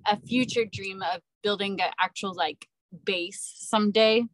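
A woman's voice: medium pitch, fairly even intonation, a little slow, dry recording, low-quality recording. A woman guest on a podcast, speaking casually and hesitantly with lots of fillers. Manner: hesitant, many likes and restarts. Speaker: guest, ministry business co-founder.

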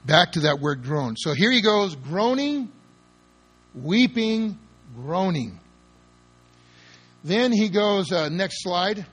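A man's voice: high-pitched, sing-song, slow pace, long pauses, a bit bright. A man preaching a sermon with emphatic, dramatic delivery, acting out the scenes he describes. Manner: emphatic, dramatic, spells words out and acts out quotes.

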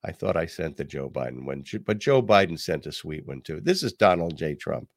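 An older man hosting a talk podcast, telling stories and reading quotes in a casual, animated way. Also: a bass voice, vocal fry, dry recording, clean studio sound. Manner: animated, reads quotes aloud, pauses with ums. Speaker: podcast host. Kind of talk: casual commentary and storytelling.

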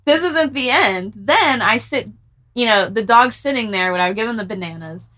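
A woman's voice: a little high, lively intonation, moderate pace, fairly bright tone. A young woman co-hosting a casual podcast, telling a story in a chatty way with lots of "like.". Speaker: podcast co-host. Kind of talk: casual chat.

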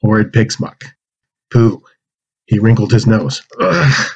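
Husky man reading a children's story. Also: lowish voice, flat delivery, unhurried, warm tone, highs cut off. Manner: acts out pig oinks and character lines. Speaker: narrator reading a manuscript aloud.

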